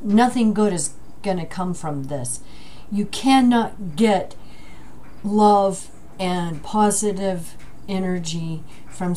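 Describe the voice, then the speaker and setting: A middle-aged woman vlogging from home, speaking emotionally and haltingly and apologizing as she goes. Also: medium pitch, dark tone, slight background noise. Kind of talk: emotional commentary vlog. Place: home with a dryer running. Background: a dryer running.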